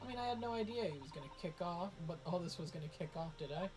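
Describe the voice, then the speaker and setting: A man voicing a scrappy young female pickpocket, attempting a Cockney accent and telling her story in a rushed, breathless way. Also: high voice, animated, over music, poor audio. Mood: urgent.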